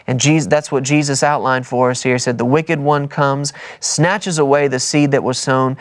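A man's voice: mid-range voice, steady tone, moderate pace. A man preaching a sermon on a broadcast, telling a story and then building to emphatic points. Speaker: pastor.

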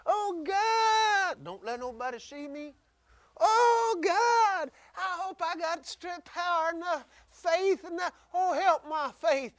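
A man's voice: very high voice, lively intonation, slow pace, a bit bright, no echo, voice pushed up, heavily acted. A male preacher mocking a frightened man who begs God for help and doubts his own faith. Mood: panicky pleading. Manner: pleading, whimpering. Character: panicked doubting man praying in fear.

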